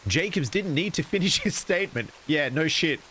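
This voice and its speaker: A man's voice: a little high, lively intonation, moderate pace, sharp tone, slight background noise, poor audio. A man streaming, casually reading a horror story aloud and cracking jokes to chat. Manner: casual, wisecracking asides to chat.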